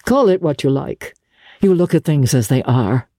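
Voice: mid-range voice, lively intonation, moderate pace, warm tone, dry recording, clean studio sound. An ardent, pleading young man, as a reader puts him on. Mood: earnest. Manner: urgent, pleading. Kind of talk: audiobook character reading.

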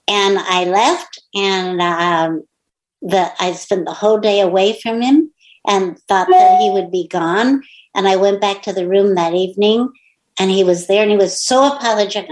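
A woman's voice: mid-range voice, moderate pace, poor audio. Woman telling a personal story. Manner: animated storyteller who acts out quoted dialogue. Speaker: author, interview guest. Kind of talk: casual storytelling conversation.

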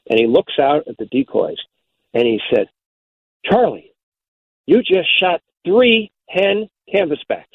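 A man's voice: medium pitch, gravelly. An older man, a radio outdoors host, telling a hunting story in a folksy way, often repeating words as he searches for them. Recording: tinny phone-like dry sound.

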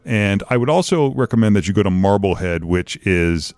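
A middle-aged man with a Boston accent talks in a fairly low voice, chatty and quick with laughing asides. He sounds like a radio guest in a dry, close studio. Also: expressive, darkish tone, dry recording. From Lynn, Massachusetts. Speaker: guest, TV host. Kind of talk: casual radio interview.

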